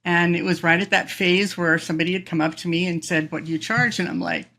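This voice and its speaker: A woman guest in an interview, telling stories in an animated way, laughing often and acting out voices. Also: lowish voice, fast talker. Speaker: professional speaker, guest. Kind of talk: casual storytelling interview.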